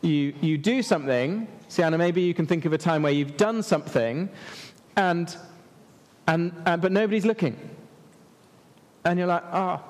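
A man preaching to children in a church hall, lively and asking the kids questions. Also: on the high side, normal speed, pauses often. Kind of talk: children's sermon. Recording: echoey hall.

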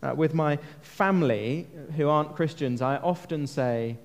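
A preacher with a fairly high voice delivers a sermon at a measured pace, slightly raised, in an earnest, conversational way, posing questions to the congregation. A long reverb from a large church hall trails after his words.

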